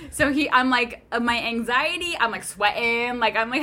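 A woman's voice: a little high, moderate pace, bright, forceful tone. A woman in her thirties, a podcast co-host, telling a story in casual chat, swearing freely.

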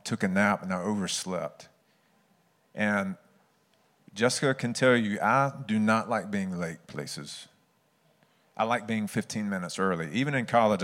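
A man's voice: lowish voice, fairly bright tone. Man preaching a sermon. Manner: conversational storytelling, earnest.

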